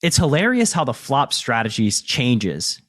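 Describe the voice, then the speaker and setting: A man's voice: medium pitch, big pitch swings, unhurried, a bit bright. A man hosting a podcast in casual conversation about poker, talking loosely with lots of fillers and the odd swear word. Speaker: podcast host and poker coach.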